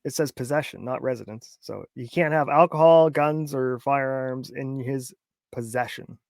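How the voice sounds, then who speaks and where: A man's voice: medium pitch, normal speed, creaky, a little mellow, no room sound, clean studio sound. A man co-hosting a casual chat, arguing his point and cracking crude jokes. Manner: argumentative, crude joking. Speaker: co-host.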